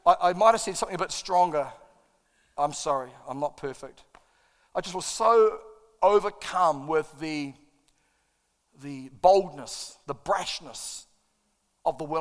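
A man's voice: on the high side, lively intonation, a little slow, long pauses, a bit bright. A middle-aged man, preaching a sermon as a pastor in an impassioned, self-deprecating storytelling manner. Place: church auditorium. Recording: long reverb in a large hall.

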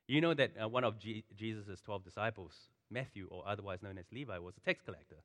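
A pastor giving a sermon in a conversational, animated way, full of asides and storytelling. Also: male voice, on the low side, quick pace, hardly any pauses. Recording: long hall reverb.

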